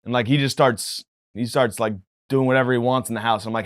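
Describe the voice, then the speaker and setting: Male comedy podcaster, mid-pitched, swears and rambles, dry close sound. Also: fairly even intonation, fairly quick, no room sound. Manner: profane, rambling, mock-indignant. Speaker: podcast host. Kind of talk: comedic monologue.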